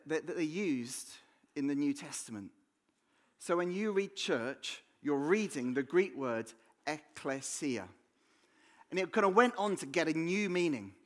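A man with an English accent preaching a sermon in a church, conversational and jokey, often restarting with repeated words. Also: on the high side. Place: church hall.

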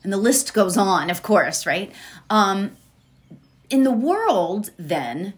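A woman giving a slow, gentle inspirational talk that moves into a guided meditation. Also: medium pitch, very animated. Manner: slow, gentle, drawn-out phrasing with soft laughs. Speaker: spiritual speaker leading a meditation.

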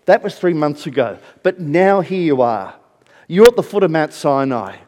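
A man's voice: a little high, big pitch swings, normal speed, a little mellow, long reverb tail. A man from Scotland with a Scottish accent, preaching a sermon in a conversational, storytelling way. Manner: conversational storytelling, self-deprecating. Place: church.

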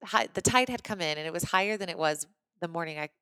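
A woman from Missouri hosting a podcast, telling a personal story in a lively, chatty way with lots of "like" fillers. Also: fairly low pitch, quick pace, clear, resonant tone, no room sound. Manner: animated, chatty, frequent "like" fillers. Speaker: podcast host. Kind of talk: casual storytelling monologue.

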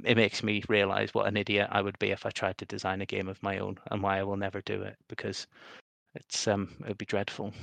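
A man's voice: lowish voice, vocal fry, fairly bright tone, dry recording. A man co-hosting a casual gaming podcast, rambling and often repeating words as he restarts his sentences. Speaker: podcast co-host.

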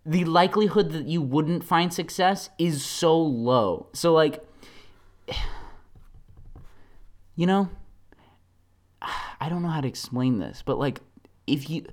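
A solo podcast host rants and rambles, full of fillers and laughter, lurching from quiet mumbling to loud, lively outbursts. He speaks slowly and stops often.

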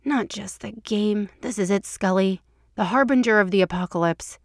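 A wry middle-aged male agent, as read by a woman, playing up his doom with theatrical gravity. The voice sits at an ordinary middle pitch and is recorded dry and close, with no room around it. It is a storybook reading, not a full performance. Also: normal speed, no room sound, lightly acted. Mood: mock-grave. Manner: mock-grave, theatrical.

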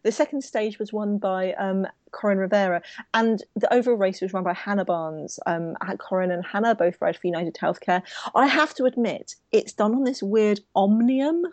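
Sleepy, slightly croaky woman chatting. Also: mid-range voice, normal speed, darkish tone, dry recording. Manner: chatty, rambling with restarts. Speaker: podcast co-host. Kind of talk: casual chat.

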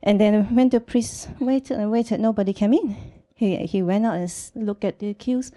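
A woman's voice: medium pitch, normal speed, mellow. A woman telling a joke in casual chat, giggling as she tells it. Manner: giggly storyteller, laughs through the telling.

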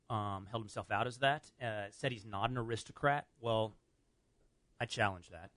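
A talk radio host with a fairly low voice speaks at a normal pace, his delivery pushed and bright on a studio mic with no echo. He argues his points, restarts often, and laughs easily.

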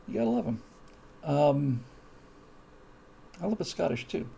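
A man's voice: a little high, huge pitch swings, measured pace, gravelly, long pauses, warm tone, breathy edge. A man hosting a live stream, reading out viewer comments in a casual, wry, digressive chat that often breaks off and restarts. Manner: wry, digressive, self-interrupting.

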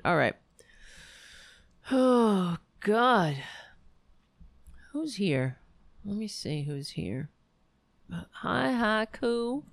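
A woman's voice: mid-range voice, sing-song, drawn-out words, vocal fry, long pauses, no echo. A woman hosting a livestream, talking casually about politics in a blunt, profane and sarcastic way. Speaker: livestream host.

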